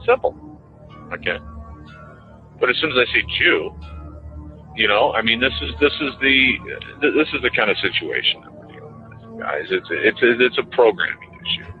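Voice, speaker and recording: A man's voice: medium pitch, animated, normal speed, long pauses. A man delivering an emphatic, profane, repetitive radio monologue, played back as a clip. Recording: tinny phone-like radio clip with faint music.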